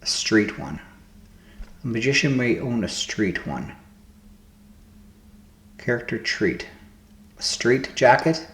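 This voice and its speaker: In an echoey room, a man with a medium-pitched, fairly bright voice plays word puzzles, sounding very animated yet taking it slowly with long pauses. The host thinks aloud casually, musing and guessing answers by trial and error.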